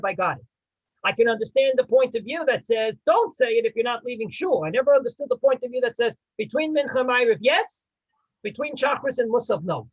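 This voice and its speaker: A man teaching a lively class as a rabbi, quizzing and teasing his listeners as he explains. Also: very high-pitched, highs cut off. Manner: animated, quizzes and teases the listeners.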